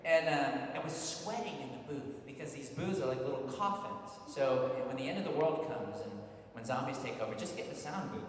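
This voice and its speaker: A man's voice: a little high, fairly quick. A man, a voice actor, telling jokey stories at a convention Q&A panel in a large hall. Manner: animated, jokey storytelling. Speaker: voice actor guest. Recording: echoey hall, far from mic, noisy.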